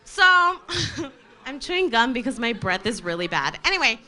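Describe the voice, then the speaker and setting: A woman's voice: on the high side, big pitch swings, moderate pace, sharp tone. A woman telling a comic story about herself, rambling, laughing often and swearing casually.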